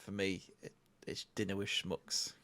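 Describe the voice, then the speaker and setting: A man's voice: sits low, flat delivery, unhurried, vocal fry, bright, forceful tone, no echo. A man in a casual podcast chat, hesitant and repeating words as he searches for them.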